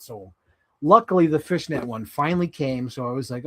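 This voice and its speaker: A man live streaming casually as he swaps parts on toy figures, talking in an animated way, swearing and jumping into high mock voices. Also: moderate pace.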